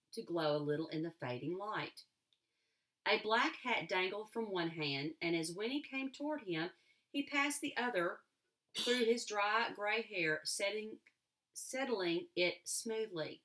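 Woman teacher, reading a novel aloud, expressive, animated intonation. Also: mid-range voice. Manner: expressive, lively storytelling. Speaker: elementary school teacher.

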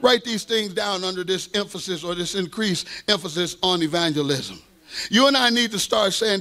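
Man preaching, very high voice, fervent, call-and-response asides, joking at his own expense. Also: moderate pace, sharp tone. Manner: playful, self-deprecating humor. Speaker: pastor. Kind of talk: sermon.

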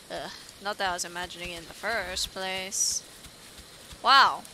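A woman's voice: medium pitch, measured pace, pauses often, pushed and bright, a little hiss or hum. A young woman casually chatting and giggling while livestreaming a game to her viewers. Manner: giggly, playful, talks to chat and friends. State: yawning. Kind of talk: casual gameplay chat.

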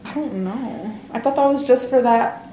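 A woman's voice: a little high, normal speed, mellow, reverberant, slight background noise, poor audio. A woman in her twenties chatting casually to her viewers in a vlog, loose and slangy, swearing freely. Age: 20s. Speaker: vlogger. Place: at home and around a college campus. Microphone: handheld camera.

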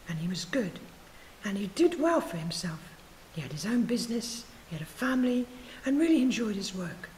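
A woman reading her own story aloud at a spoken word night, breathy and soft, sometimes stumbling and correcting herself. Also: mid-range voice, slight background noise, low-quality recording. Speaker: writers group reader.

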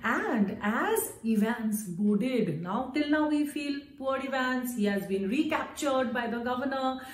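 A woman's voice: high voice, expressive, measured pace, echoey room, a little hiss or hum. A woman with an Indian accent explaining a story chapter to students in a chatty way, full of "you know" fillers. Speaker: English teacher.

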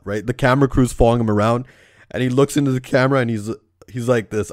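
A man's voice: medium pitch, fairly quick, dry recording, studio quality. A young man from Surrey, British Columbia, doing a profane comedic rant as a movie reviewer. He keeps tagging his sentences with "right?".

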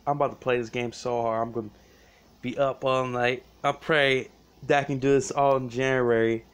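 Male vlogger, excitable and giggly, casual swearing, unboxing a present. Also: medium pitch, moderate pace, smooth.

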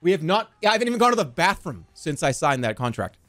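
A man streaming a game with excitable commentary, laughing and swearing often. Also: fairly high pitch, fast talker. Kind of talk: casual gameplay commentary.

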